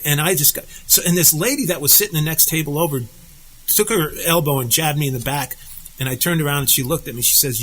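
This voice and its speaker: Male co-host, high bright voice, animated storyteller, faint background noise. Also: quick pace, rough recording. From United States. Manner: animated storyteller, acts out quotes. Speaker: podcast co-host. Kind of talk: casual political chat.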